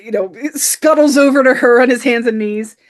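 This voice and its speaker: A woman's voice: fairly high pitch, normal speed. A woman co-hosting a podcast, casually recapping a film scene by scene with lots of "you know" fillers. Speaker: podcast co-host. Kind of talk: casual film review chat.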